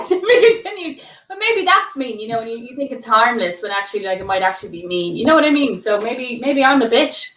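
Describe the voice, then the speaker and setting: A woman's voice: fairly high pitch, lively intonation, a little fast, few pauses, fairly bright tone. Young woman, co-host, chatty rambling storyteller, sounds distant and roomy. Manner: rambling, lots of fillers and swearing. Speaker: podcast co-host. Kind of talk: casual chat, storytelling.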